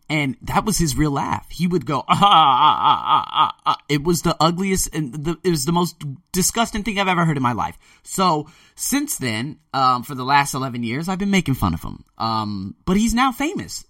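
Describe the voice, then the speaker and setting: A young man hosting his own podcast alone, talking casually and animatedly, with loud excited bursts that drop to low murmurs. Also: dry recording, clean studio sound, far from the mic. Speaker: podcast host. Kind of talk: solo podcast monologue.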